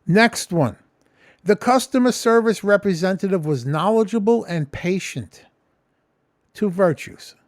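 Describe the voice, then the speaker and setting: A man's voice: sits high, measured pace, no room sound, clean studio sound. A man talking casually in a rambling, profane vlog at home. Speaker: vlogger. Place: home kitchen.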